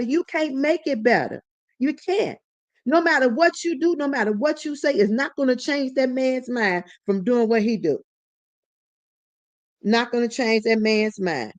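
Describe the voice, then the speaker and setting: A woman's voice: fairly high pitch, unhurried, dry recording, dull audio. A woman hosting a live stream, telling a story in casual conversation and acting out the quoted dialogue. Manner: animated, acts out quoted dialogue.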